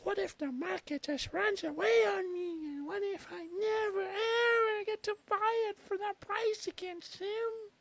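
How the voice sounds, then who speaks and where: A man voicing a whining, baby-voiced crypto follower pleading in a very high, strained tone. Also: fairly even intonation, measured pace, few pauses, a loud crowd, rough recording. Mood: whiny.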